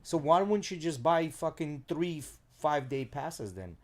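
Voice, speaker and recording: A man hosting a podcast, chatting loosely and thinking out loud, with some swearing. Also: fairly high pitch, expressive, normal speed. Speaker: podcast host. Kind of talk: casual chat.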